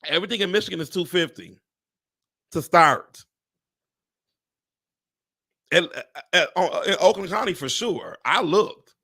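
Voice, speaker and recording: A man who works as a real estate agent, chatting casually to viewers on a live stream, animated and exclamatory, swearing and talking straight to "y'all". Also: sits high, unhurried, pauses often, slightly rough.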